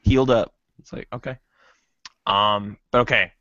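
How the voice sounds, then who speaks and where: Lively-voiced man on a dry podcast mic. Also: fairly low pitch, brisk, no room sound. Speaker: podcast co-host. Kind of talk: casual chat. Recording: dry, dull lo-fi podcast audio.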